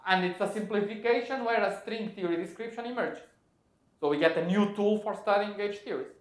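A man with a high-pitched voice talks a little fast through a technical physics lecture. He explains each step, reasons aloud and corrects himself as he goes, and the lecture hall gives the recording an echo.

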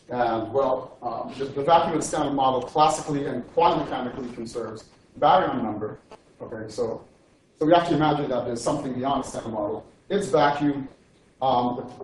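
A man gives an informal physics lecture in a slightly high voice, wandering into jokes and asides and tossing "okay?" to the room. He sounds far from the microphone in an echoey hall, with a faint hiss underneath. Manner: digressive and joking, with frequent "okay?" check-ins. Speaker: physics professor giving a lecture.

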